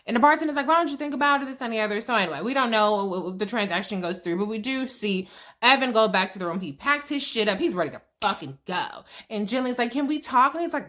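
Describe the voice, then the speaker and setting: A woman's voice: on the high side, sharp tone. A woman hosting a casual TV episode recap vlog, chatty and profane, who acts out characters' lines as she retells them.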